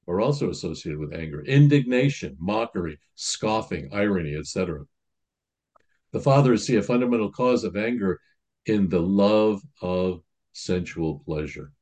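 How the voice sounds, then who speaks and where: Man, lowish voice, priest, conversational sermon, reads quotes aloud. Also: darkish tone.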